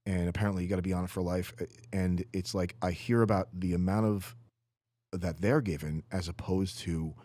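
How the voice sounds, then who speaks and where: A middle-aged man, a guest on a podcast, talking in an animated way, often restarting his sentences. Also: deep voice, brisk, dry recording. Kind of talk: casual chat.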